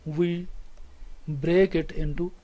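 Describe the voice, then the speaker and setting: A man with a Pakistani English accent teaching a recorded English lesson, slow and deliberate, repeating words for students to say along. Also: a little high, fairly even intonation, warm tone, poor audio. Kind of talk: recorded classroom lecture.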